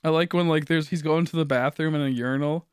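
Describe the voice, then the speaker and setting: A man's voice: on the high side, steady tone, fast talker, smooth, no room sound, studio quality. A man in his late twenties, a streamer rambling through a funny story, laughing often and swearing casually.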